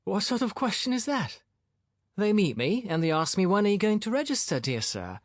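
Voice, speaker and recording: A man's voice: high voice, big pitch swings, normal speed, no echo, clean studio sound, pitched above the performer's own voice. A male narrator voicing a boorish, insolent young man who talks back cockily and indignantly. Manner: cocky, indignant, sullen.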